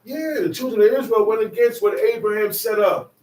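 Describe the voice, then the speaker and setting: A man's voice: high-pitched, fairly quick. A man preaching in a roomy hall. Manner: conversational, rising to shouts for emphasis. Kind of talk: sermon. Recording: roomy, mic at a distance.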